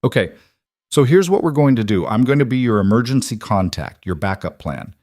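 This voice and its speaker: A man voicing a calm, practical young woman nurse in a read-aloud story, steady and reassuring. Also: mid-range voice, fairly quick, no room sound, clean studio sound, natural voice. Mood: earnest, firm. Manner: steady, reassuring, matter-of-fact. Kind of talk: scripted story reading.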